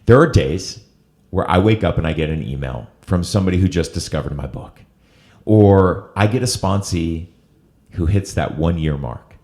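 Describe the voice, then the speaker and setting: Low-voiced man telling an emotional story. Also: lively intonation, normal speed, darkish tone. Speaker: host. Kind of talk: interview storytelling.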